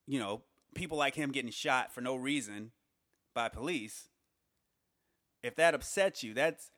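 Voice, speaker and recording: A man giving a casual spoken monologue, reasoning aloud with rhetorical questions and halting restarts. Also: medium pitch, fairly bright tone, no echo, studio quality. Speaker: commentator on society.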